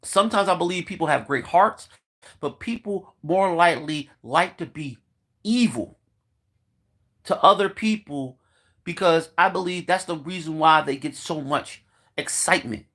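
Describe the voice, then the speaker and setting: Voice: medium pitch, normal speed, a bit bright. A vlogger delivering a heated, profane monologue, swearing constantly and acting out what people said.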